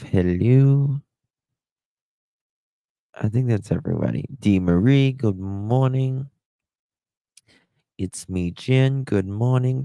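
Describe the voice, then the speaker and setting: A man's voice: mid-range voice, creaky, warm tone, clean tone, no echo. A man hosting a casual livestream, greeting chatters one by one and talking candidly, with some swearing. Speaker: livestream host. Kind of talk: casual live-stream chat.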